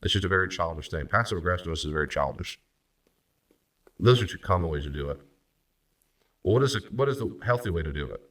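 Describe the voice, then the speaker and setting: Deep-voiced pastor. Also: male voice, animated, fairly bright tone, recorded from a distance. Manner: acts out spouses' lines in quick shifting voices. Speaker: pastor and counselor. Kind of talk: recorded teaching talk on marriage.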